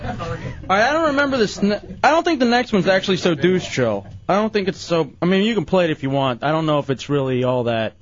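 A man's voice: high-pitched, big pitch swings, fairly quick, dull audio, crowd noise. A man in his thirties hosting a talk show, joking in a self-deprecating, laughing way. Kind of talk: casual studio banter.

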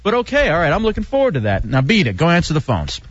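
A man's voice: a little high, wildly swooping pitch, quick pace, no room sound. Radio host guy, joking around, teasing, voice jumps all over, dry dull lo-fi sound. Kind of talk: rowdy radio talk show banter. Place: radio studio.

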